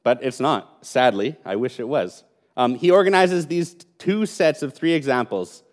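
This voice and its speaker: Brief: male pastor, mid-pitched, earnest and emphatic sermon delivery. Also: expressive. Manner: earnest, emphatic preaching with pauses and repetition.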